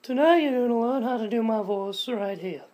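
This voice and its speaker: A young man doing an impression of a creepy old man neighbor, with a high strained voice that whistles on every S sound. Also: darkish tone. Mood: creepy, leering. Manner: high strained voice, slow drawl.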